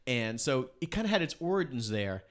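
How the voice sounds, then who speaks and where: A man's voice: mid-range voice, big pitch swings, brisk. A man co-hosting a podcast in casual chat, rambling and correcting himself as he tells stories. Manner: rambling, self-correcting storyteller. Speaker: podcast co-host.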